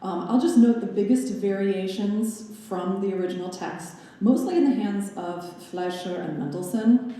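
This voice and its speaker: A woman's voice: medium pitch, moderate pace, mellow, a little hiss or hum. Woman lecturing in a roomy recital hall. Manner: wry asides, playful humor in a scholarly talk. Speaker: graduate student giving a lecture recital. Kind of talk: presented lecture with slide analysis.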